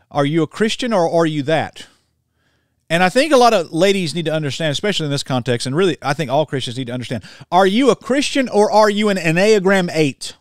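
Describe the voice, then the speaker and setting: A man's voice: fairly high pitch, no echo, studio quality. A man preaching as a Christian online minister, reading a web page aloud and rebuking it in an emphatic, scolding, incredulous way.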